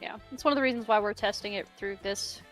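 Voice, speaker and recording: A woman's voice: medium pitch, fast talker, faint music behind. A woman streamer chatting casually about her tabletop character, acting out little quotes and laughing.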